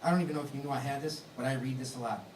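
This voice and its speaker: A man's voice: mid-range voice, rapid-fire, far from the mic. A man giving a wedding toast as the groom, joking and teasing with laughs. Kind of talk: wedding speech. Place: large banquet hall. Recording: echoey hall, mic heard from afar, background noise.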